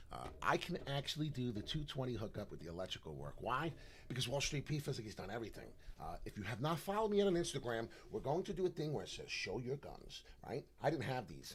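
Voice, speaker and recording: A man's voice: on the low side, slight background noise. Brash New York man rambling over crypto charts. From New York / New Jersey. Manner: brash, rambling, excitable, swings from loud to muttering. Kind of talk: casual live stream chat.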